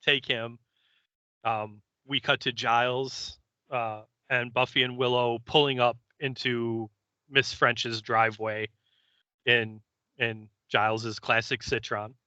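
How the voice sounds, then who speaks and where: A man co-hosting a podcast, casually recapping an episode scene by scene and slipping into quick character voices. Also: mid-range voice, flat delivery, sharp tone, smooth, no room sound, muffled recording. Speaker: podcast co-host.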